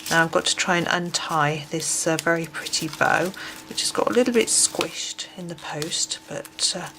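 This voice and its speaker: A woman reviewing a colouring book in a casual flip-through. She speaks gently and hesitantly, with many ums, and sometimes drops almost to a whisper. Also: lowish voice, normal speed. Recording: steady background noise.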